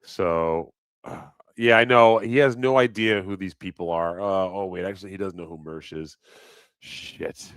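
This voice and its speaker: A man hosts his live stream in a loose, rambling chat, cursing freely and joking with viewers. His voice is deep and his delivery unhurried. The sound is dry and close, with no room echo. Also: a bit bright, clear, resonant tone. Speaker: livestream host. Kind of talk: casual livestream chat.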